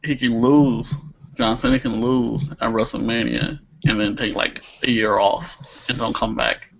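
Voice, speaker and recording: A man's voice: mid-range voice, expressive, a little slow, vocal fry. A young man co-hosting a casual podcast, talking animatedly, laughing and swearing when annoyed. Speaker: podcast co-host. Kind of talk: casual chat. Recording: muffled lo-fi audio.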